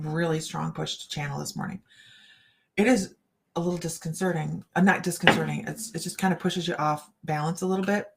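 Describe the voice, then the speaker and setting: A woman's voice: fairly low pitch, creaky, background noise. A middle-aged woman reading cards on a casual live chat, rambling and laughing often. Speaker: psychic card reader.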